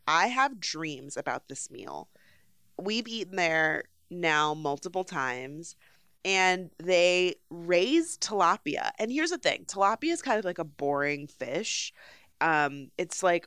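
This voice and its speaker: A woman's voice: fairly low pitch, lively intonation, slow pace, a bit bright, no echo. A woman co-hosting a podcast in casual chat, playful and teasing, often laughing, recorded close on a podcast mic. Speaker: podcast co-host. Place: home podcast setup in New York.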